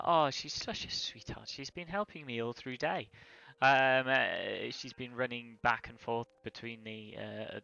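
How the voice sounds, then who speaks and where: A man's voice: medium pitch, gravelly, pushed and bright, muffled recording, pitched below the performer's own voice, exaggerated voice. Man playing a friendly human healer woman with wavering accent. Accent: slipping between attempted Irish and Somerset. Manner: hesitant, repeats words, quick.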